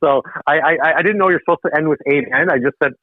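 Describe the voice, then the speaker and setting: A fairly high-voiced man from Ontario, Canada, talks fast as a podcast guest, telling his own story in a casual, animated way and laughing at himself. The sound is dry and tinny, like a phone line.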